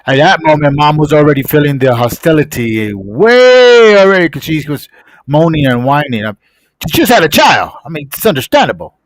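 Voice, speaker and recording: Male streamer, animated storyteller, lively pitch, slightly high voice. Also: moderate pace, dry recording, poor audio. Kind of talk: casual storytelling.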